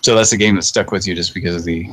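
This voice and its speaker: A man's voice: sits low, steady tone, fast talker, dry recording. A man in his thirties hosting a late-night live show, tired and yawning, chatting casually and chuckling as he thinks aloud. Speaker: podcast host.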